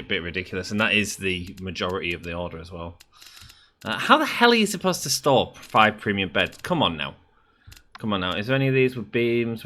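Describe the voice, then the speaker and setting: A man's voice: fairly low pitch, sharp tone, slight background noise. A man talking casually over a game he is playing, thinking aloud and rambling with lots of fillers. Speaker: gaming YouTuber. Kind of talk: casual gameplay commentary.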